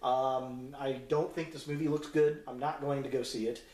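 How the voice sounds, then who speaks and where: A man's voice: mid-range voice, steady tone, normal speed, darkish tone. A man in his thirties hosting a casual toy review, giving blunt, frank opinions with lots of ums, uhs and restarts. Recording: echoey room.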